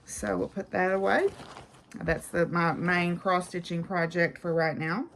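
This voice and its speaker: A chatty woman talks through her knitting and stitching projects at home in a relaxed, rambling vlog. Her voice sits a little low but sounds bright and forward, and she fills the pauses with "uh" and "so". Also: gravelly, a little hiss or hum. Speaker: crafting vlogger. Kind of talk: casual chat about craft projects.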